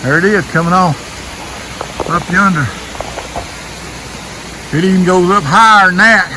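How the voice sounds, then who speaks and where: An older man with a drawl narrates his own hike outdoors, breathing a little hard as he climbs. His voice sits a bit high for a man, and he rambles on in a relaxed, folksy way. A faint hiss of outdoor air hangs behind him. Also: unhurried. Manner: folksy, rambling, talks to himself while walking. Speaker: RV vlogger. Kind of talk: casual hiking vlog narration. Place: wooded trail outdoors by a waterfall. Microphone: handheld camera while hiking.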